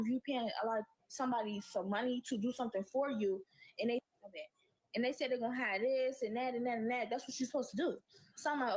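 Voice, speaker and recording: A woman's voice: a little high, low-quality recording. A teenage girl telling a story in an exasperated, slang-filled casual rant, swearing often. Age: late teens.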